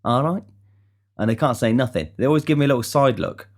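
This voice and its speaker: A man's voice: mid-range voice, very fast, a little mellow. A young man talking bluntly in a casual podcast monologue, ranting and swearing freely. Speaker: podcast host.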